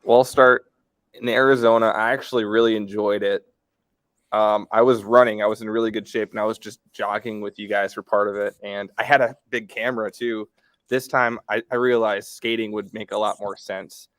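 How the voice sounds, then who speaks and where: Low-voiced man recounting unhurriedly. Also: level tone, fairly bright tone, no room sound. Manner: unhurried, thoughtful recounting with pauses. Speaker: camera operator guest. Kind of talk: casual chat.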